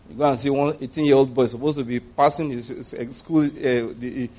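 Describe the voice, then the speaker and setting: A man preaching a sermon in a humorous, conversational way. He chuckles at his own jokes and jumps up in pitch to stress a point. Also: fairly quick. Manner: animated, jumping up in pitch for emphasis.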